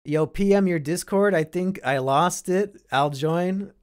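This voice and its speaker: A man's voice: high-pitched, unhurried. A young man from Iowa hosting a casual live stream, reading and answering chat with sardonic, profane banter.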